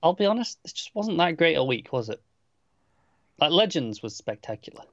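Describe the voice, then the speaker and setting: A man co-hosting a podcast about TV, mostly giving short agreeing replies in a low-key casual manner. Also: sing-song, brisk, dry recording, muffled recording. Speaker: podcast co-host. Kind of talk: casual chat reviewing TV episodes.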